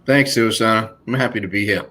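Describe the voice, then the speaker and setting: A man from Boston with a fairly low voice and a clear Boston accent joins a livestream as a guest. He talks in an easygoing way, laughing often and pausing on fillers. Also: pushed and bright. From Boston, United States. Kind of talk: casual livestream chat.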